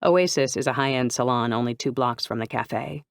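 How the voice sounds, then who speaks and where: A woman narrating a first-person novel in an even, clear storytelling voice. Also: a bass voice, normal speed, no echo, studio quality. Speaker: audiobook narrator.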